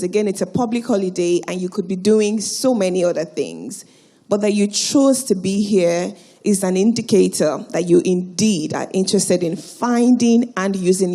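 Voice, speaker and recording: Woman MC, warm low-brightness voice, crowd-rousing stage host. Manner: rousing call-and-response with the crowd. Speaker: event host. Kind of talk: live conference hosting. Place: large auditorium stage.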